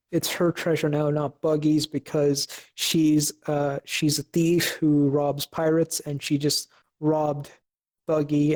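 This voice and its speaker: A young man on a casual podcast walks through what happens in an episode. His voice sits a little high but stays flat, and he keeps stopping on "um" and "uh" and restarting his sentences. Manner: halting, many fillers and restarts. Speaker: podcast co-host.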